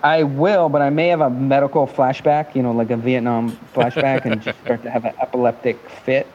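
A man guest telling an animated, joking business story with some profanity, now and then slipping into mimicked accents. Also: medium pitch, fairly quick, lo-fi sound, slight background noise. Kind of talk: animated storytelling in a podcast interview.

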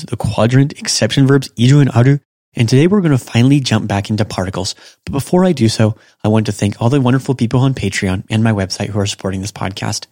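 A man hosting a podcast language lesson, explaining points in a relaxed, casual way. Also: on the low side, no echo, studio quality. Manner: relaxed, explanatory, talks through examples. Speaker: language teacher and podcast host.

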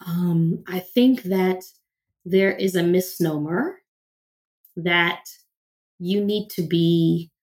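A woman's voice: on the low side, a little mellow. A woman therapist and minister, a podcast guest, talking emphatically with preacher-like repetition. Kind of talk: conversational interview.

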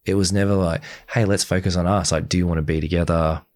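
Low-pitched and fast, a young man speaks bluntly as a guest in a candid interview. He animates the conversation by performing the lines others said to him.

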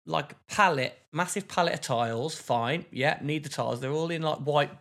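A man, co-hosting a podcast and telling a story in casual chat, with lively bursts of exasperation. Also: a little high, moderate pace, vocal fry. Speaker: podcast co-host.

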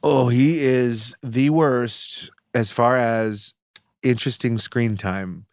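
A man's voice: mid-range voice, steady tone, slow pace, no echo, clean studio sound. A man co-hosting a podcast, sarcastic and profane, ranting in casual chat. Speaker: podcast co-host.

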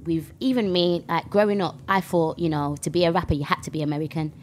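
A woman's voice: lowish voice, fast, slight background noise. A young woman with a Birmingham accent, a rapper talking animatedly in a casual interview. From England. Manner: animated, with fillers and restarts. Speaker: rapper, guest.

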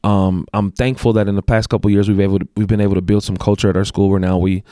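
Low-voiced man telling a story. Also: little pitch movement, fast talker, mellow, smooth, no room sound, clean studio sound. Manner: rambling, restarts and self-corrections. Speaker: guest, basketball coach and athletic director. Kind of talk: casual storytelling.

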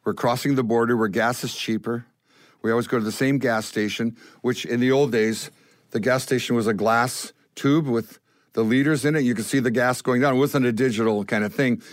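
An older Canadian man, a guest musician, telling stories in an animated way and acting out the voices of the people in them. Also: mid-range voice, brisk, no echo. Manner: acts out voices in his stories. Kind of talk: animated storytelling.

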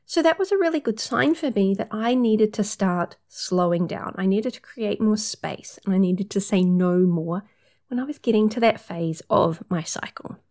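A woman's voice: medium pitch, animated, moderate pace, darkish tone. A woman working as a period coach, talking through numbered tips in an upbeat, casual advice monologue.

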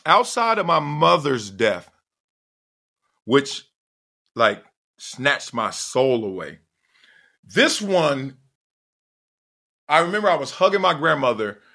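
A middle-aged man from Southern California who tells a personal story with lots of feeling. His pitch jumps around and he sometimes lets out loud whoops. His voice has a bright, forceful edge. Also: very animated, slow, creaky, pauses often. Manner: emphatic, digressive, bursts into loud whoops. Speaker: podcast host.

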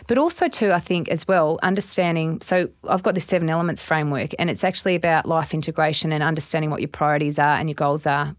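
A middle-aged Australian woman guest speaks with a low voice at a quick clip. She tells stories casually and animatedly, acting out her inner thoughts. The sound is dry and close. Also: fairly even intonation, no echo. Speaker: guest, business owner. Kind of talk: casual podcast interview.

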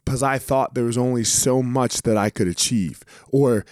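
A former fighter speaks straight to the camera in a loose, motivational monologue, cussing now and then and doubling up words to drive points home. His voice sits at an ordinary middle pitch. The sound is dry and close, with no room echo. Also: normal speed, a little mellow. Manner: casual, profane, repeats words for emphasis. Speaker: former professional fighter giving motivational talk.

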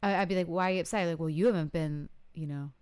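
A woman's voice: lowish voice, fast, a little mellow, clear, resonant tone. A woman co-hosting a casual chat with her partner, talking freely, laughing often and acting out what she said to him. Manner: chatty, laughs often, acts out quoted lines.

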